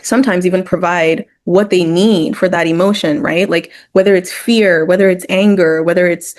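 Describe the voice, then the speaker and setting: A woman's voice: on the low side, steady tone, moderate pace, a little mellow. A woman speaking as a therapist guest in an educational discussion, explaining ideas point by point and sometimes acting out short quoted voices.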